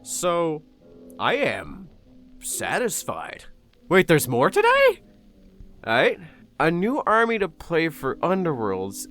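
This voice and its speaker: A man's voice: a little high, a bit bright. A young man hosting his own channel, giving casual, sarcastic commentary and swearing often. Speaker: YouTube host reacting to announcements.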